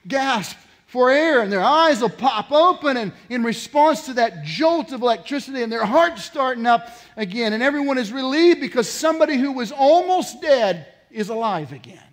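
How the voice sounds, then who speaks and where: High-voiced preaching pastor. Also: male voice, lively intonation, normal speed, few pauses. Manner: preaching with acted-out quotes, building to shouts. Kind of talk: sermon.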